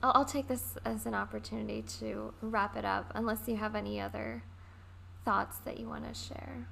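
A young woman hosts a casual chat, telling stories with lively energy and frequent laughter. Her voice is bright and sharp with a gravelly fry, and it sits a little high. Faint music plays behind her. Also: moderate pace, slight background noise. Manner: chatty, laughs often, animated retelling. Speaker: podcast host.

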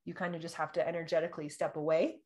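A woman co-hosting a casual astrology chat, bubbly and easily excited, often breaking into laughter and delighted exclamations. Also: deep voice, rapid-fire. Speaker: podcast co-host.

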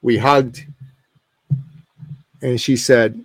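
A man's voice: medium pitch, normal speed, long pauses, no room sound. A man in his forties, a podcast guest telling a story emphatically and passionately, often restarting his sentences. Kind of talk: animated storytelling.

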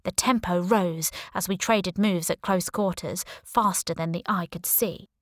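Female audiobook narrator, lower register, wry sarcastic first-person read, dead-dry booth sound. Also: measured pace, no echo.

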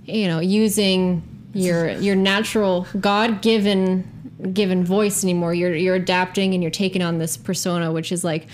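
A woman's voice: lowish voice, fairly even intonation, moderate pace, slight background noise. A woman co-hosting a podcast, chatting casually in a rambling way with plenty of fillers and easy laughs. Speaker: podcast co-host. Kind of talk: casual banter.

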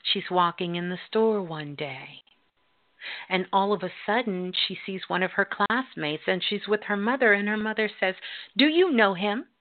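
A middle-aged woman radio host telling a story in a slow, drawn-out, emphatic way. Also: medium pitch. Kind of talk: storytelling talk. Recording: tinny phone-like line.

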